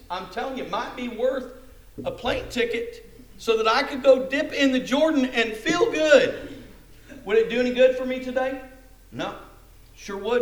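A middle-aged man preaching a sermon, telling a story with lively rhetorical questions. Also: very high voice, normal speed.

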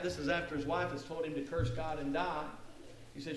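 Male pastor from Kansas, high-pitched, preaching with sudden shifts between booming emphasis and hushed asides. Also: animated, unhurried. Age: adult with kids. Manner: swings between loud emphatic passages and quiet intimate asides. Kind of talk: sermon.

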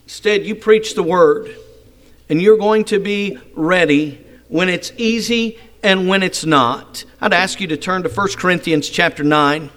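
A man preaching a sermon, reading scripture aloud and explaining it with strong emphasis, at times dropping to a soft voice. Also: high voice, unhurried.

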